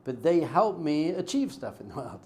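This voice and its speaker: Animated rabbi teaching a casual class. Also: male voice, on the high side, normal speed. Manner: conversational, storytelling with acted-out dialogue. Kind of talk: informal Torah class.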